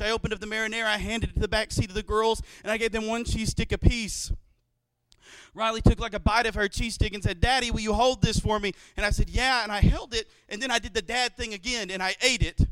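A man in his thirties preaching a sermon in church, telling stories and acting out quotes with lively energy. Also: high voice, clear, resonant tone, no room sound. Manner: animated storytelling with acted-out quotes. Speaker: pastor.

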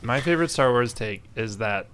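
A man's voice: mid-range voice, animated, moderate pace, a bit bright, slight background noise. A man co-hosting a movie podcast in casual chat, playful and sarcastic with frequent giggles. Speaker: podcast co-host.

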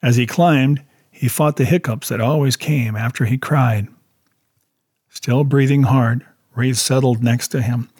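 A man narrating a story in a steady audiobook style. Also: mid-range voice, husky, dry recording, clean studio sound. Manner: steady storytelling, voicing characters.

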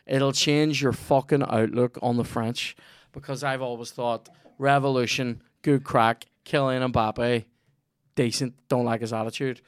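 A man's voice: mid-range voice, steady tone, measured pace, smooth, dry recording. Northern Irish man, podcast host, sweary rambling ad read, dead dry sound. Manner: rambling, profane, jokey.

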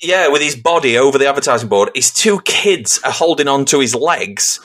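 A man with an English accent, co-hosting a casual podcast chat and telling sweary stories with acted-out shouts. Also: medium pitch, expressive, brisk. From England. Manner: sweary storytelling, acting out shouted quotes. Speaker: podcast co-host.

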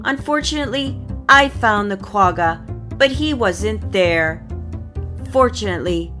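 A woman voicing a young, curious male quokka, the storybook hero, in an earnest, bright voice. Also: mid-range voice, animated, unhurried, soft background music, pitched above the performer's own voice.

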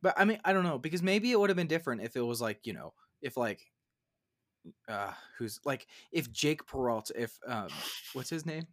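A man co-hosting a podcast in casual chat, animated and rising to loud, high complaints when annoyed. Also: moderate pace, no room sound, clean studio sound. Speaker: podcast co-host.

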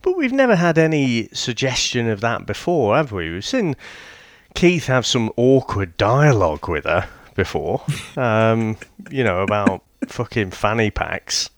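A man's voice: medium pitch, sing-song, unhurried, no room sound. A man co-hosting a podcast, casually discussing a TV show, laughing easily and speaking expressively. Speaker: podcast co-host. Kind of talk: casual chat reviewing a TV show.

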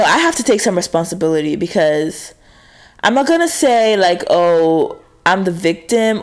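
Frank, swearing woman rambling casually. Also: fairly low pitch. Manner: frank, swears freely, many fillers and restarts. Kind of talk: casual confessional monologue.

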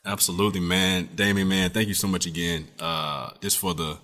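A man's voice: low voice, flat delivery, normal speed, bright, forceful tone. A middle-aged man hosting a podcast, upbeat and talking straight to his listeners. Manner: upbeat, speaks to the listeners directly. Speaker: podcast host. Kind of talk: casual interview chat.

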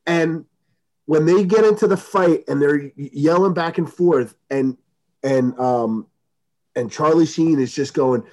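Halting, fairly high-voiced man. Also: a little mellow. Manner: halting, repeats words, swears for emphasis. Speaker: podcast co-host discussing a film. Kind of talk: casual chat.

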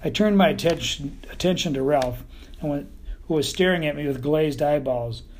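A man with a Texan accent reads a children's story in the first person. His folksy drawl is dry and unhurried, and his voice sits somewhat high for a man. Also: slight background noise. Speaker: audiobook narrator.

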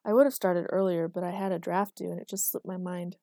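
A woman's voice: fairly low pitch, steady tone, brisk, mellow, no echo, clean studio sound, lightly acted. A woman voicing a blunt, literal-minded young woman who asks frank, curious questions.

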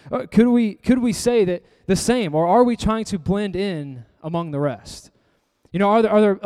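Male pastor, somewhat high voice, earnest conversational sermon delivery, long hall reverb. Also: warm tone. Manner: earnest, conversational preaching with rhetorical questions. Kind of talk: sermon with scripture reading.

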